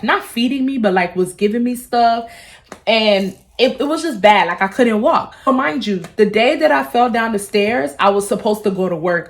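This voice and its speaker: A young woman tells a storytime to her camera. She talks in a loose, profane, animated way, slipping into other people's voices as she quotes them. She sits close to the camera mic. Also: mid-range voice. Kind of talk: casual storytime vlog.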